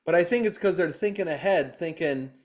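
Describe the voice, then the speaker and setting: A man's voice: on the high side, fairly quick. Playful man co-hosting a call. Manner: playful, joking asides. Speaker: co-host. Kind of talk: casual video-call chat.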